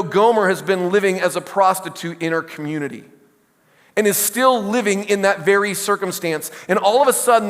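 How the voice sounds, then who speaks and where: A middle-aged pastor delivers his sermon in the sanctuary in a chatty style, weaving stories and asides together and putting questions to the congregation. He has a high, slightly bright voice. It rings out as in a large hall.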